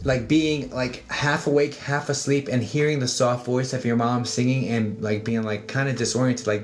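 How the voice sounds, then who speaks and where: A man's voice: medium pitch, fairly even intonation, normal speed. A man working as a psychic medium, giving a chatty livestream spirit reading full of fillers and calling people darling.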